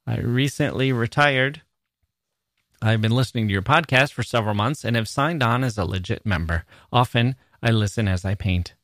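A man's voice: fairly low pitch, no room sound, clean studio sound. A male American podcast host reading listener mail aloud, breaking off for playful, joking asides. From United States.

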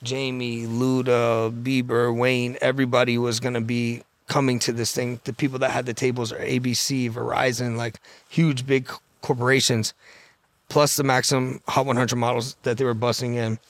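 A man's voice: mid-range voice, little pitch movement, no room sound. A man in the middle of his range tells a rambling personal story at speed, swearing freely. The sound is dry and close, with no room around it. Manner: profane, fast-talking anecdote with quoted dialogue. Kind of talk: casual storytelling.

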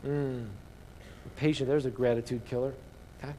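A man's voice: fairly high pitch, normal speed. A male pastor preaching a sermon, reading scripture aloud and asking his congregation questions.

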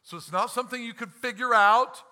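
A male pastor preaching with fervor, in a high, very bright and cutting voice. He swings from near-shouted proclamations to quiet, hushed explanations, and acts out quoted lines with laughter. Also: brisk. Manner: impassioned preaching, swings between loud and hushed. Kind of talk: sermon.

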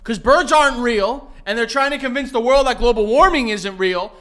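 A young man with a fairly high voice holding forth on a podcast, steady and mock-serious as he spins absurd theories. He teases his co-host in a dry, unbothered way. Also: normal speed. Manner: deadpan, mock-serious conspiracy riffing, teasing. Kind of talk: casual chat.

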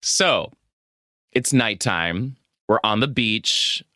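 A man co-hosting a casual podcast, recapping a film in a lively, freely swearing way. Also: fairly low pitch, extremely slow, no room sound, studio quality. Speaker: podcast co-host.

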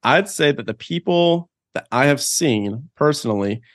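Man, podcast guest, casual, rambling, filler-heavy, middle pitch, dry close sound. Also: animated, a little slow, no echo. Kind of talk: podcast interview.

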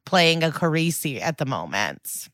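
A woman co-hosting a podcast, giving relaxed, dry reactions in casual chat. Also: low voice, a little slow, dry recording. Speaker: podcast co-host.

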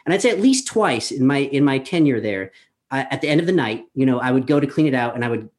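A man's voice: mid-range voice, animated, quick pace, a little mellow. A man in his thirties from Colorado, telling a personal story live over a video call from his apartment, chatty and self-deprecating with plenty of fillers. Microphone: webcam on a video call.

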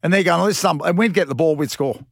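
A gravelly-voiced Australian man in his fifties spins long, slangy stories from his playing days. His voice sits at an average pitch with a rough, fry-laden edge. The sound is close and dry, with no room around it. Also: quick pace, a bit bright, dry recording. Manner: rambling anecdotes, blokey slang. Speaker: former rugby league player, guest. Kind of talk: casual storytelling interview.

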